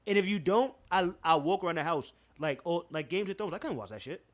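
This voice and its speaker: A young man telling a story on a podcast in an animated, laughing, profane way, a bit stuffy-nosed. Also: fairly high pitch, brisk. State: stuffy nose. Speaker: podcast co-host. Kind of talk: casual storytelling chat.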